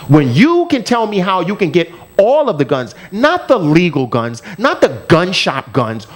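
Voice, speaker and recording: A man's voice: high-pitched, huge pitch swings, moderate pace. A male co-host from the United States delivering an angry, profane rant on a podcast. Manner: angry, profane, emphatic ranting.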